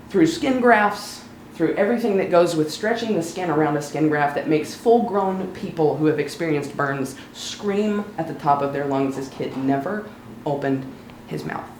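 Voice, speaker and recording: A speaker telling a personal story live on stage, chatty and lightly humorous, slowing down at emotional moments. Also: medium pitch, echoey room, slight background noise, rough recording. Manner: conversational, warm-humored, slows down for emotional moments.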